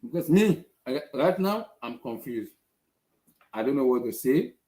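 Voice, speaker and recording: Exasperated fan host, echoey room. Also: male voice, mid-range voice, very animated, unhurried, mellow. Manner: exasperated, repeats himself. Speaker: football fan channel host. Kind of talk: casual fan rant.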